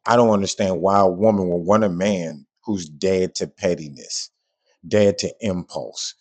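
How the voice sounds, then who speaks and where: Hosting a podcast, a man reacts casually and bluntly, sometimes cursing and echoing himself when confused. He speaks at a moderate pace in a low, darkish voice with a steady tone.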